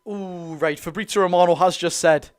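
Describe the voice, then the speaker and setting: A man with a Geordie accent chatting excitedly to his viewers during a live football watch-along. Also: sits high, moderate pace, clean tone. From North East England. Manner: chatty, excitable, keeps addressing the lads. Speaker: football fan streamer.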